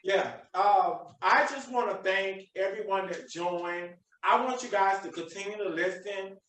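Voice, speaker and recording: A man with a high, bright-pitched voice hosts a live video podcast and preaches his motivational message with emphasis. He sounds set back from the mic, and his voice rings around an echoey room. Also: unhurried, distant mic, slight background noise. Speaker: podcast host.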